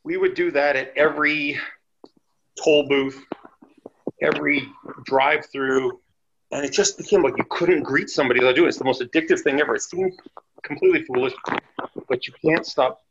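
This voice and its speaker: Podcast guest, male, ex-wrestler. Gravelly, chatty raconteur. Faint hiss on the line. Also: fairly high pitch, moderate pace, long pauses, lo-fi sound. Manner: animated, chatty anecdotes. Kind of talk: casual storytelling interview.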